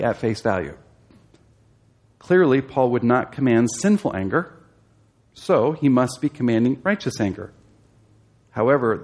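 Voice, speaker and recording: A man's voice: mid-range voice, a little mellow. A man teaching a Bible study class, explaining a passage and asking his listeners questions, growing emphatic as he exhorts.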